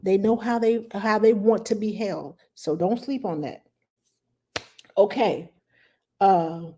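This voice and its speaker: Lively, chatty woman giving baby advice. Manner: animated, expressive, drops to a low soothing voice at times. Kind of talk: casual advice talk.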